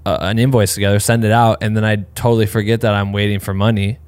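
A man with a stuffed-up, sick-sounding voice chats loosely and swears often as he rambles. His voice sits low and comes through smooth and clear. The sound is dry and close. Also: little pitch movement, fast, a little mellow, no room sound. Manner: candid, profane, rambling with fillers. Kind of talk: casual podcast chat.

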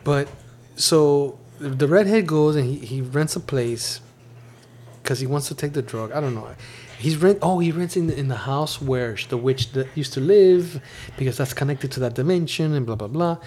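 A man hosting a podcast, retelling a show in a loose, animated way with lots of laughter. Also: on the high side, normal speed. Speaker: podcast host. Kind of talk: casual chat.

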